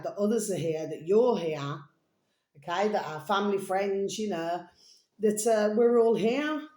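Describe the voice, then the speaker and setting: A woman with a Birmingham accent talks into her vlog in a rambling, chatty way that keeps circling back on itself. She turns indignant and ranty as she goes. Her pitch sits in the middle, and the room around her is echoey. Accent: Birmingham English. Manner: rambling, chatty, repeats "my delicious little babies"; indignant ranting about bins. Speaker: vlogger.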